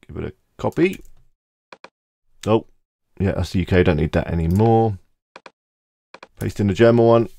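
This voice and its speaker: A man hosting a screen-recorded software tutorial, talking casually and thinking aloud as he clicks through each step. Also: on the low side, moderate pace, gravelly, long pauses. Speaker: tutorial host.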